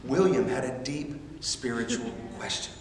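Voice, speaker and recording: A man preaching a sermon as a missionary, animated and emphatic, with self-deprecating humor. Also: medium pitch, measured pace, far from the mic, a little hiss or hum. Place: large church sanctuary. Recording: echoey church hall from afar.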